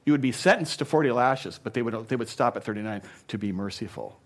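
A man preaching a sermon as pastor, playful and animated, swinging from loud asides to quiet earnest talk. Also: medium pitch, fast.

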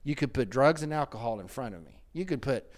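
Lively, animated male counselor. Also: medium pitch, brisk. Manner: animated, laughs often, repeats words when starting sentences. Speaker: counselor and host. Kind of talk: conversational talk show discussion.

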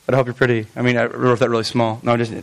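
A male pastor preaching a lively, conversational sermon, with frequent stammered restarts. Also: medium pitch, very fast, gravelly.

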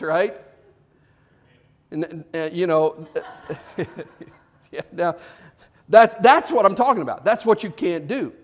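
High-voiced preaching man, conversational. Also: moderate pace, pauses often. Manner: conversational preaching with rhetorical questions to the congregation. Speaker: pastor. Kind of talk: sermon. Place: church before a congregation.

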